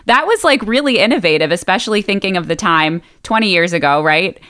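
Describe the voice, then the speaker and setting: A woman's voice: lowish voice, lively intonation, brisk, fairly bright tone. A woman co-hosting a podcast, summing up the talk in casual chat. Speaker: podcast co-host.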